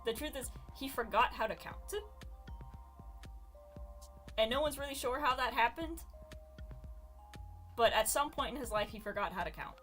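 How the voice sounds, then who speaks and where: A woman streamer chatting casually as she spins stories, animated and quick to giggle. Her voice sits fairly high, with faint music playing behind. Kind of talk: casual chat about fan stories.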